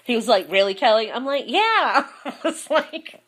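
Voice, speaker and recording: Female host with a fairly high voice; lively anecdote-teller who laughs often. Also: normal speed, husky. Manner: animated storyteller, laughs often. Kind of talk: casual chat.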